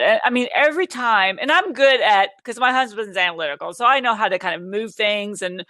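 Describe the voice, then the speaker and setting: A woman hosting an online talk show, telling stories in an animated way and laughing often. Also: mid-range voice, fairly quick, hardly any pauses, no echo. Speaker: host of an online speakers' show. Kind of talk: casual chat.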